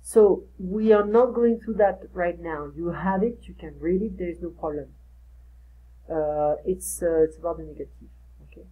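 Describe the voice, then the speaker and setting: Female tutor, warm and low, slow careful explanations with repetition. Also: low-quality recording. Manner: slow, explanatory, repeats phrases for practice. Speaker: French tutor. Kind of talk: recorded lesson for one student.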